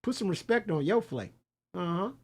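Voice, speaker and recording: A man's voice: sits high, animated, moderate pace, darkish tone, husky, full character voice. A man on a stream doing a put-on Australian accent, voicing a boastful made-up brother from down under who rambles and trips over his words. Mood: joking boastful. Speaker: stream commentator.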